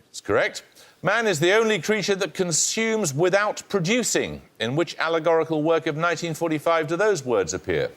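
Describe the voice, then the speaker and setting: Male quizmaster, formal and brisk, very lively intonation, authoritative. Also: a little high. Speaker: quiz show host. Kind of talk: formal quiz hosting.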